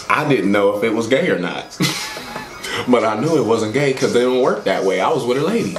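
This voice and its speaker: A man doing stand-up, telling a crude story in a loose, animated way and voicing his friends' lines. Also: medium pitch, a little fast, roomy sound, soft background music. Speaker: stand-up comedian.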